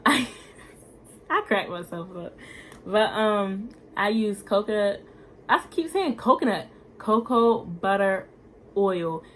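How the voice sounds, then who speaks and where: A woman's voice: medium pitch, lively intonation, slow pace, a bit bright, slight background noise. A young woman talking casually in a home vlog, filling her speech with "like" and "y'all". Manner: chatty, frequent "like" and "y'all" fillers. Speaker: vlogger.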